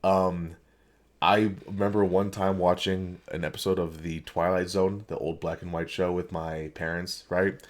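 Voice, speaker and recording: A man with a very deep voice talks in a loose, rambling way, co-hosting a relaxed podcast chat. He laughs often between his sentences as he tells his stories. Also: unhurried. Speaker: podcast co-host. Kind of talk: casual chat.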